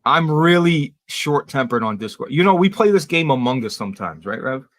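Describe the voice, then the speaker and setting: A man's voice: mid-range voice, animated, fairly bright tone, no echo. Man casually telling stories, dry close sound. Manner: swears freely, quick self-deprecating storytelling. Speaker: podcast host and streamer. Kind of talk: casual chat.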